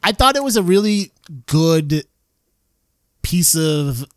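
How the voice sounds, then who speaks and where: A man's voice: fairly high pitch, sing-song, takes it slowly, smooth, no room sound, studio quality. A man casually recapping a TV episode in a rambling way, with lots of fillers and laughter. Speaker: podcast co-host.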